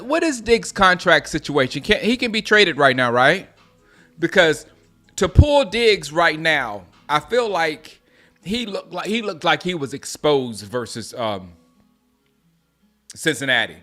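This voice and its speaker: A man from South Carolina hosting a live game watch-along, reacting loudly to plays and chatting with viewers by name. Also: fairly high pitch. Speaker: host.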